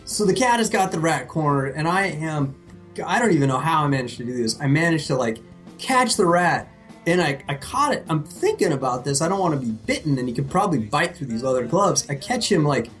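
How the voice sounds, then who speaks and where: A man co-hosting a casual podcast, his pitch swinging widely as he tells a story. He talks in an animated, profane way and often laughs at his own tale. Faint music sits under the voice. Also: brisk. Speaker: podcast co-host.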